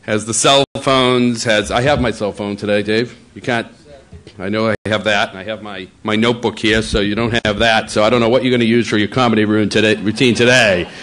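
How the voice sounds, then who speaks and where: A man's voice: lowish voice, steady tone, a little fast, fairly bright tone. A man speaking at a public breakfast, wryly ribbing the next speaker. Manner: ribbing, wry.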